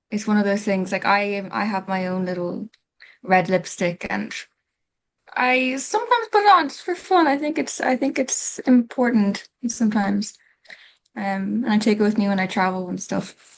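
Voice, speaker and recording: A woman's voice: mid-range voice, fairly even intonation, a little slow, gravelly. A woman taking part in a workshop over a video call, sharing in a chatty, giggly, rambling way. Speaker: workshop participant. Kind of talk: casual sharing in a group.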